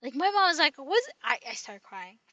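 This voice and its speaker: A woman's voice: high-pitched, big pitch swings, moderate pace, sharp tone, no room sound, dull audio. A woman in casual chat, telling a long rambling story full of restarts and tag questions.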